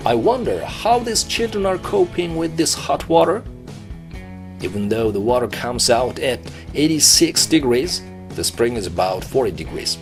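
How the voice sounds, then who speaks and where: Lively male travel show narrator. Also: medium pitch, normal speed, creaky, music in the background. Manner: poses questions to the viewer.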